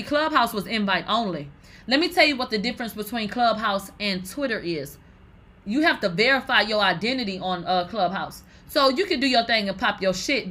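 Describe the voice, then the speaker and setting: A woman runs through celebrity fan drama in casual commentary. Her voice sits high and sounds bright and forceful. She talks in an animated, profane way with dramatic exclamations. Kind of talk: casual pop-culture commentary.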